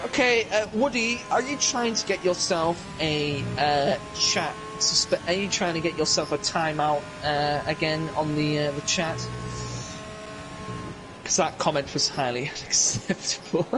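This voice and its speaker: A man's voice: fairly high pitch, unhurried, music in the background, poor audio. A young man casually chatting on a live stream while playing a racing game, rambling and answering viewers in chat. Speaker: racing league streamer and commentator.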